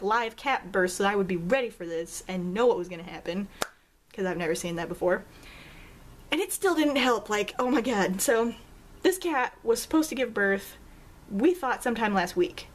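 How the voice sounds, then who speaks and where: In a relaxed, talkative vlog, a young woman tells her viewers a story full of animated pitch changes and sudden laughs. Whenever she performs a quote, her voice jumps way up.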